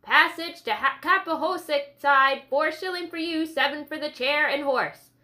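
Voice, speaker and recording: A woman voicing a squat, sunburned ferry boatman in an audiobook reading, making a persuasive pitch. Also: normal speed, bright, forceful tone. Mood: brisk.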